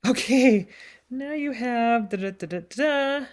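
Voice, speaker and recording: In a slightly high voice and at a slow pace, a female voice teacher guides a singer through a masterclass. She offers encouragement and demonstrations, occasionally reciting the text dramatically.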